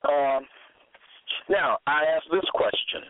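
A man hosting a radio Bible program, lecturing in a slow, deliberate way and repeating his key phrases for emphasis. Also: a little high, animated, no room sound. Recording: tinny phone-like dry audio.

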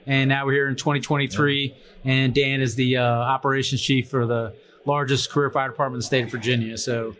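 Bright-voiced joking man hosting a panel. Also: mid-range voice, little pitch movement, fairly quick. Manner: joking, rambling with fillers and restarts. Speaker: host, fire service instructor. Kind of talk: casual panel chat on a livestream. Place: trade conference venue.

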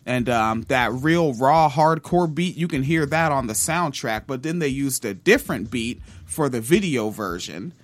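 A man's voice: mid-range voice, animated, measured pace, hardly any pauses. Casual profane male podcast host. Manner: loose and profane, with many ums and uhs. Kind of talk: casual music-history commentary.

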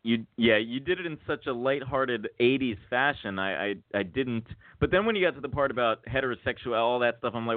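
A man's voice: mid-range voice, animated, brisk, hardly any pauses, no room sound. A man co-hosting a comedy podcast, joking and rambling in casual chat. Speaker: podcast co-host. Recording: tinny phone-like dry sound.

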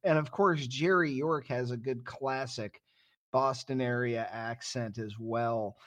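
A man speaking as a guest analyst in casual hockey chat, playful with quick asides. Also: mid-range voice, steady tone.

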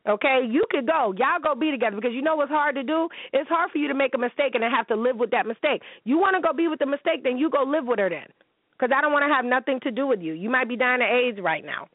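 A woman in her forties hosts a show from home, ranting bluntly and swearing freely in a casual monologue of commentary. Her voice sits high and sounds animated, and she talks fast over a dry, tinny, phone-like line.

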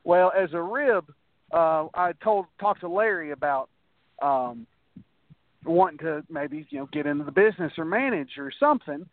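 A man's voice: sits high, very animated, moderate pace, gravelly. A man in a casual interview, spinning long anecdotes in a slightly raised voice, stumbling over restarts and acting out other people's lines. The sound is thin and phone-like, and it is close and dry with no room echo. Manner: rambling anecdotes with many restarts and acted-out quotes. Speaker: guest, wrestler.

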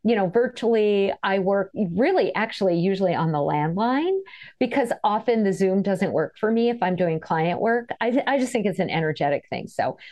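A middle-aged woman talks casually as a guest in an interview. Her voice rises and falls widely as she spins her stories, and she keeps an easy, chatty flow with bursts of laughter. Her pitch sits mid-range for a woman. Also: normal speed. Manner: animated, chatty, laughs while telling stories. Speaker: author and energy healer guest.

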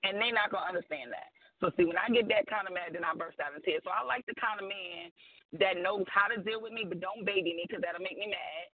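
Heard on a tinny phone line with no room sound, a woman guest author talks quickly at a medium pitch. She is a radio chat show guest, slangy, blunt and emphatic, never holding back her opinions.

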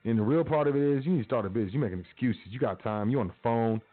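This podcast host sounds racing and medium-pitched as he preaches casually in a motivational talk, pressing listeners again and again. The audio is thin and tinny, like a phone call.

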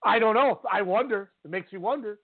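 A man co-hosting a podcast in casual chat, telling stories in an animated way and often laughing. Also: sits high, brisk, dry recording. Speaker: podcast co-host. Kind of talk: casual chat about wrestling. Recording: tinny phone-like line, dry.

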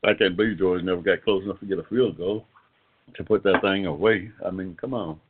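A man's voice: sits low, steady tone, a little fast, husky. Older man hosting over a phone line. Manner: rambling, folksy, chatty. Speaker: host. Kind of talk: casual internet radio talk.

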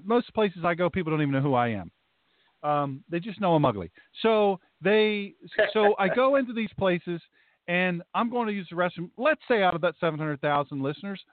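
A man's voice: on the high side, no echo. A man hosting a talk show, an emphatic and rambling storyteller who acts out scenes as he goes. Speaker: talk show host and pastor. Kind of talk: talk radio chat. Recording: tinny phone-like line, dry.

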